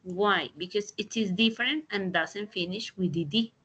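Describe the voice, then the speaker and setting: A woman teaching an English grammar lesson over a video call, explaining slowly and deliberately. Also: medium pitch, a bit bright, husky, lo-fi sound. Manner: slow, deliberate explanations with Spanish translations. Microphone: computer mic in a video call.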